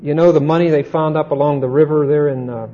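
Male Bible teacher, unhurried and repetitive, slightly high voice, dull recording with faint hum. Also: fairly even intonation, warm tone. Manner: unhurried, repeats points and checks understanding with "okay?".

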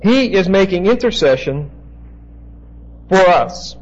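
A preacher teaches a Bible passage slowly and deliberately, stopping to spell out Greek words. His voice is high and expressive, though the audio sounds dull.

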